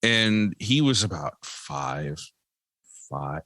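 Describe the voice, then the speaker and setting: Animated man telling a funny story. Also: low-pitched, extremely slow, dry recording. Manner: animated, laughing storyteller who acts out quotes. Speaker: podcast guest, comic creator and single dad. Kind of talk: casual storytelling.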